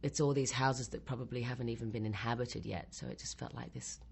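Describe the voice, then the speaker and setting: A cast member calmly describing a past shoot in an interview, plain and descriptive. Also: medium pitch, fast talker, vocal fry, a little hiss or hum. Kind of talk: interview recollection.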